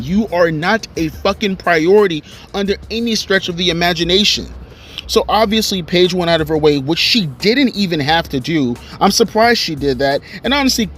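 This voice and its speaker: A man's voice: a little high, fairly bright tone, a little hiss or hum. A young man ranting angrily and profanely about online commentators, recorded outdoors on his cell phone. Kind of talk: angry rant vlog.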